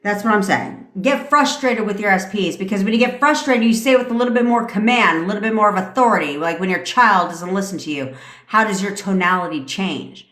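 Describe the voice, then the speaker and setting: A woman in her thirties giving a profane, commanding rant as a manifestation coach on a live stream. Her voice sits at an ordinary middle pitch, and she speaks bluntly and bossily into a phone. The room around her is echoey. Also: brisk, fairly bright tone. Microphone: phone mic.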